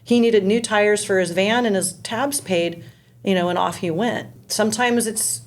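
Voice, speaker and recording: A middle-aged woman speaking as a guest, telling lively anecdotes and acting out the people in them. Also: medium pitch, moderate pace. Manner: energetic, acts out quoted people in anecdotes. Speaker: founder of a volunteer outreach group. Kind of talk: interview storytelling.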